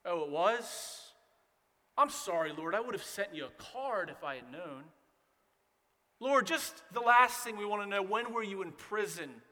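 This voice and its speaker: A man's voice: high-pitched, expressive, a little slow, bright, forceful tone, big-room sound, exaggerated voice. A man voicing a smug, sarcastic churchgoer who makes whiny excuses to the Lord.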